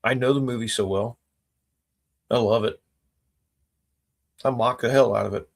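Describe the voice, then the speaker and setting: A man's voice: mid-range voice, steady tone, normal speed, vocal fry. A man hosting a casual livestream, chatting with viewers in a laid-back, wry way. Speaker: livestream host reading chat. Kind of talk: casual chat.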